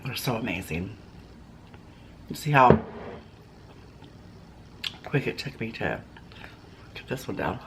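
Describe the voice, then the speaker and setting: A woman's voice: very deep voice, animated, slow, pauses often, noisy background. A woman hosting a home cooking show, chatting casually and gushing over her food in her kitchen, sometimes talking with her mouth full.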